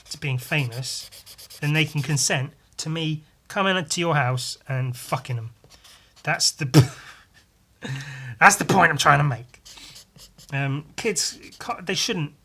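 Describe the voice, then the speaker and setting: Bright-toned guy ranting at his desk, sweary and sarcastic. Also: a little high, slightly rough. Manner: blunt, profane, sarcastic ranting. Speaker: podcast host. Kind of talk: casual solo rant while drawing.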